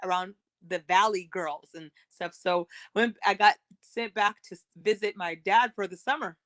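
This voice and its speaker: A woman's voice: medium pitch, moderate pace, a bit bright. Woman from california telling her life story, earnest and thoughtful, pretty ordinary voice. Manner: earnest, reflective, spells things out. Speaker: podcast guest. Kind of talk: casual conversation, personal storytelling.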